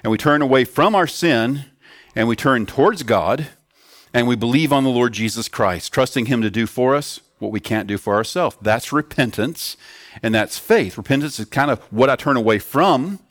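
A man preaches to a congregation of children and adults, teaching earnestly and pausing to question the young listeners. His voice sits at a middle pitch for a man. It is recorded close and dry, with little room sound. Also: animated, a bit bright, dry recording. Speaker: pastor.

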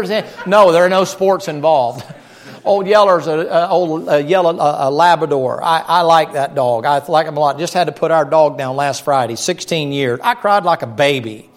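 High-voiced preacher guy, folksy and animated, jokes with the pews. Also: moderate pace. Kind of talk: sermon.

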